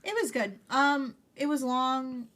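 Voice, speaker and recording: A woman's voice: high-pitched, fairly even intonation, takes it slowly, fairly bright tone. A woman chatting on a podcast in a playful, teasing way. She stumbles into her sentences and restarts them, then lands a joke. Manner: playful, joking, with stammered restarts. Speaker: podcast co-host. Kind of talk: casual chat.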